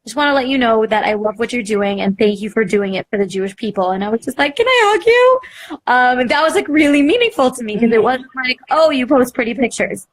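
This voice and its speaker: A young woman, a podcast host, candidly telling her story in a live interview, self-mocking and animated, full of "like" and acted quotes. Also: on the high side, fast, hardly any pauses.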